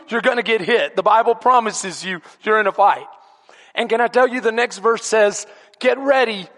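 Male Texan pastor, high voice, emphatic storytelling sermon, reverberant sanctuary. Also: a bit bright. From Texas. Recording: long church reverb.

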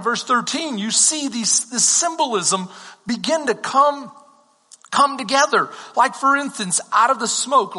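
High-voiced Texan pastor preaching in a reverberant hall. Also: male voice, pushed and bright. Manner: conversational preaching with call-and-response questions. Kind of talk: sermon.

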